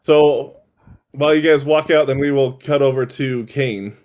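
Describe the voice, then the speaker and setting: A man's voice: mid-range voice, fairly even intonation, measured pace, a little mellow. A man narrating as game master, rambling with many fillers.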